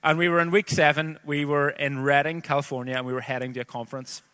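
A man in his thirties from Northern Ireland, with a Northern Irish accent, preaches a sermon that starts with a scripture reading and turns into a chatty personal story full of casual asides. His voice is a little high, pushed and bright, and he talks fast with a flat delivery.

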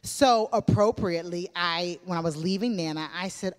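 A woman with a fairly low voice preaches to a church at a normal speed, rarely pausing, spinning stories casually with plenty of fillers. The church hall adds a long reverb.

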